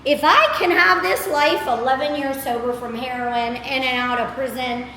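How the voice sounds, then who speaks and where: High-voiced chatty woman, echoey room. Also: moderate pace, bright, forceful tone, slight background noise. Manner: chatty, upbeat, scattered, says "y'all" and "girl". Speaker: motivational creator. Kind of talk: casual motivational talk to camera. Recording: echoey room with faint ambience.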